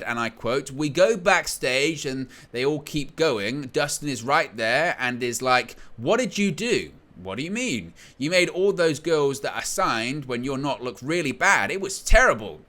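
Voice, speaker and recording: A man hosting a wrestling news show, reading out quotes from an interview with a lively storytelling delivery. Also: medium pitch, a little slow, few pauses.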